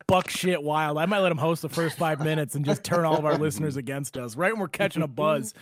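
A man hosting a podcast, ranting in heated, fast banter with his co-hosts and breaking into laughs. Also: fairly high pitch, a little hiss or hum. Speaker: podcast host.

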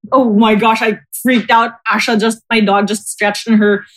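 A woman, a podcast guest telling a ghost story in a casual, animated way and laughing often. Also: normal speed. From Philippines. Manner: animated storyteller, acts out quotes in high squeals, laughs often.

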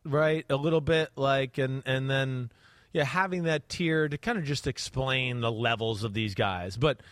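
A man hosting a sports podcast in casual chat, animated and acting out quarterback reads with sound effects. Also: mid-range voice, measured pace, no echo. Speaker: podcast host and quarterback analyst.

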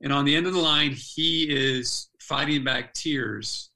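A man's voice: mid-range voice, a little slow, pushed and bright, poor audio. An older man, a former athlete turned speaker, earnestly telling a personal story as a podcast guest, restarting his phrases as he goes.

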